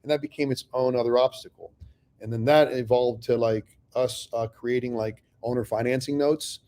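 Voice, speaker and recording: Middle-aged man, warm mellow voice, casual storytelling, swears freely, acts out the dialogue. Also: mid-range voice, moderate pace. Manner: profane, animated storyteller acting out dialogue. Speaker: real estate investor telling his story.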